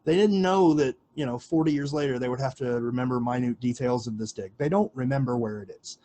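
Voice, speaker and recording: A man's voice: medium pitch, brisk, mellow. A man hosting a casual livestream Q&A, rambling with lots of fillers and offhand swearing. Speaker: livestream host answering questions.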